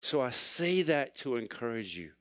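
A middle-aged man preaches to his congregation, weaving a personal story into an earnest, emotional sermon. His voice sits in an ordinary middle pitch. The sound is close and dry, with no room echo. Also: big pitch swings, moderate pace, fairly bright tone. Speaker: pastor.

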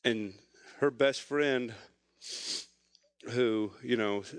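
A man's voice: medium pitch, extremely slow, clear, resonant tone, no echo. A middle-aged man, a pastor, preaching a sermon through a personal story, speaking earnestly and with emotion.

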